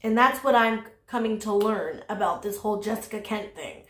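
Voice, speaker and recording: A woman's voice: mid-range voice, normal speed, fairly bright tone, echoey room. A woman giving casual drama commentary, blunt and sassy, swearing freely and laughing at her own jokes. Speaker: commentary YouTuber.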